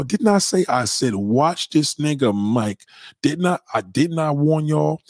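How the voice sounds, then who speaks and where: A man, ranting casually and loudly to his stream viewers, swaggering and laughing often. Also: fairly high pitch, big pitch swings, unhurried, no room sound, clean studio sound. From New York. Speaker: live-stream host. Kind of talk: casual profane rant to viewers.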